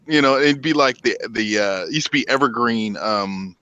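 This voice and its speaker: A man's voice: mid-range voice, moderate pace, highs cut off. A middle-aged man telling a long profane story in casual chat, acting out the quotes. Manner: profane, animated, acts out quotes. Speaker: podcast host.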